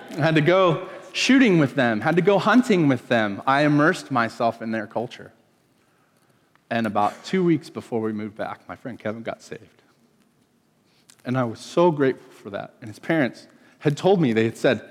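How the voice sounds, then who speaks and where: A man delivers a sermon in a relaxed storytelling way, stepping into the voices of the people in his anecdotes. His voice sits at an ordinary middle pitch for a man. The sound carries the long reverb of a large church hall. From California. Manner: storytelling, acting out quoted voices. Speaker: pastor.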